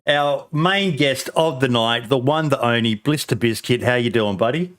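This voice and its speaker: A man's voice: mid-range voice, moderate pace, fairly bright tone. A man hosting a podcast, bantering casually and telling joking stories with plenty of swearing. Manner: joking storyteller. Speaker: podcast host.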